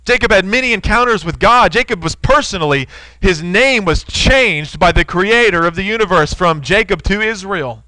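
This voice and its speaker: Bright, clear-voiced preacher. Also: male voice, sits high, animated, moderate pace, no echo, rough recording. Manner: earnest, addresses listeners as friend, storytelling. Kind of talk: sermon.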